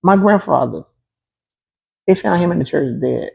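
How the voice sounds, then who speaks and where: A man's voice: on the high side, expressive, normal speed, vocal fry, breathy edge, narrow, tinny audio. A man being interviewed, telling a personal story in a casual, emphatic way, often repeating key phrases. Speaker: interview guest.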